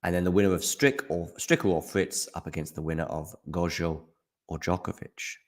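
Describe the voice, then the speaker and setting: A man's voice: low voice, moderate pace. A man hosting a live tennis watchalong, chatting casually with hums and fillers while snacking on chocolate. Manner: relaxed, musing, hums and fillers. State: eating chocolate while talking. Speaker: watchalong host.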